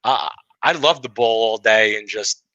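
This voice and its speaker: A man's voice: on the low side, unhurried, sharp tone, no echo, muffled recording. A man with a Brooklyn accent co-hosting a podcast in loose, joking casual chat. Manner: joking, loose and chatty with fillers. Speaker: podcast co-host.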